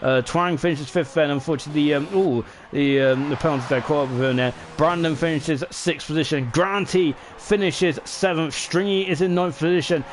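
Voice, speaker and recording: A man doing live sim racing commentary, chatty and excitable, with lots of fillers and tag questions, who rises into shouts at the finish. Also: a little high, a little fast, hardly any pauses, background noise. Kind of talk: live esports race commentary.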